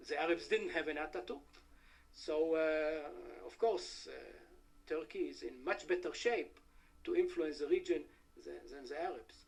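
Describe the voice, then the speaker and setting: A middle-aged man giving an academic conference talk, halting with many fillers and wry asides to the audience. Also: on the high side, vocal fry. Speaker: conference speaker. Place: conference hall.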